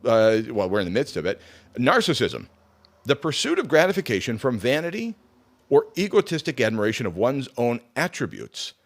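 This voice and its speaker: A man at a mid-range pitch carries a casual talk-radio monologue from a studio. He works through a list with an animated, swinging delivery, breaking off for offhand comments along the way. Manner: chatty, reads lists and adds quick asides. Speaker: radio talk show host.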